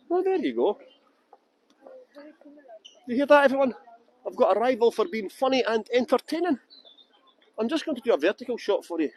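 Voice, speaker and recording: A man's voice: extremely high pitch, very animated, normal speed, long pauses, darkish tone, poor audio. A man with a Scottish accent from Edinburgh, guiding a live-streamed walking tour outdoors on city streets and talking in a jokey, self-mocking, chatty way into a handheld phone. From Scotland.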